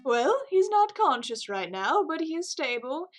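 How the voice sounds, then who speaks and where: A woman voicing a calm male doctor in a game, who speaks slowly and reassuringly. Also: high voice, faint music behind, pitched above the performer's own voice. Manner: slow, reassuring. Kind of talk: game dialogue read aloud.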